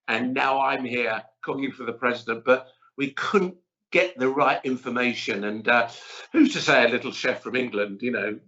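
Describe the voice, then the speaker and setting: Middle-aged male chef guest, lively and chatty storyteller; bright tone over dull audio. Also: medium pitch, moderate pace. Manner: chatty, animated, rambling storyteller. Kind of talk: casual interview chat.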